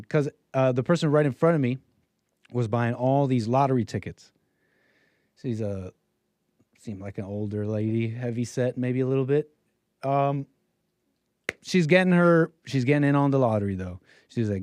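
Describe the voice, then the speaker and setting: A man's voice: mid-range voice, a little slow, long pauses, a little mellow, no room sound. A young man hosting a livestream, telling a casual, rambling story in a wry way and slipping into voices when he quotes people. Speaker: livestream host.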